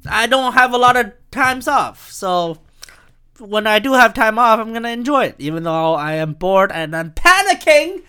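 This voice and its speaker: Lively bright-voiced man ranting on a podcast. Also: sits high, moderate pace, clean tone. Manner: animated, profane, bursts into shouting. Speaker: podcast host and stand-up comic. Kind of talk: rambling solo podcast.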